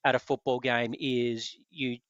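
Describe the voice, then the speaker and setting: A man's voice: medium pitch, unhurried, dry recording. Australian male podcast host, casual storyteller, stop-start delivery, dry dull audio. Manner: animated storyteller with hesitant restarts. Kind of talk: casual chat.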